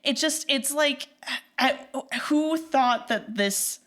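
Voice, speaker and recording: A woman's voice: high voice, takes it slowly. A woman co-hosting a film podcast, ranting animatedly in casual chat, with lots of "like" and acted-out quotes. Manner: animated ranting, heavy use of "like", acts out quoted lines. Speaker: podcast co-host.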